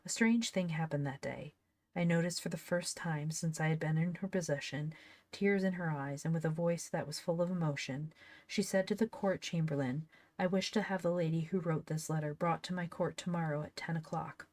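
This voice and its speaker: A woman reads an old storybook aloud in a casual way, occasionally stopping to laugh and comment on it. Her low-pitched voice is a little mellow and moves at a moderate pace, with no echo.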